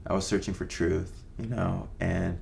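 Man in his fifties with a deep, gravelly voice. He is a laid-back interview guest who tells stories loosely and hushes his voice for quoted asides. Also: little pitch movement, measured pace, a little hiss or hum. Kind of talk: casual storytelling interview.

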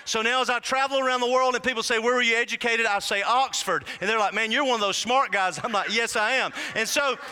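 Male preacher, fervent sermon with jokes, very bright and clear, echoing hall. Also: very high voice, fast talker, few pauses. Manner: fervent, builds to shouting whoops; humorous asides to the congregation. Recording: long hall reverb.

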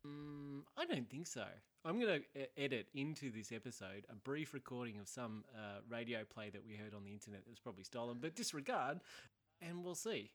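A man's voice: mid-range voice, lively intonation, a little fast. A man hosting a casual book chat who talks in a playful, theatrical way. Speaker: podcast host.

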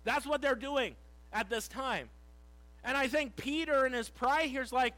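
A male pastor preaching a sermon, reading scripture slowly and shifting between loud emphasis and quiet. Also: very high voice, rough recording.

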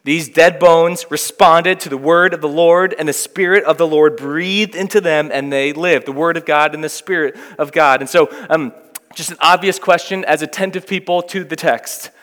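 A man's voice: on the high side, normal speed, fairly bright tone. Preaching man in a reverberant hall. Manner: reads scripture aloud, then expounds with rising emphasis. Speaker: pastor. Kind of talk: sermon.

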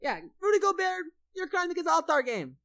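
Woman co-host, comedy podcast; very high voice, brash and boastful. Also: very animated, a little fast, a bit bright. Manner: brash boastful banter, over-the-top. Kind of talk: mock trash-talk comedy podcast.

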